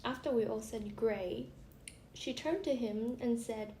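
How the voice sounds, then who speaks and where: A young woman vlogger chatting casually and reading funny stories aloud while she does her make-up, giggling and trailing into soft asides. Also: a little high, measured pace. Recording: echoey room with faint background hiss.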